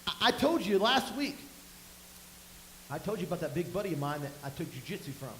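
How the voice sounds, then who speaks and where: Pastor, high voice, folksy sermon, booming room with faint hiss. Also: male voice, big pitch swings, fairly quick, a bit bright, reverberant, poor audio. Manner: folksy storytelling, rising to emphatic bursts. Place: church sanctuary.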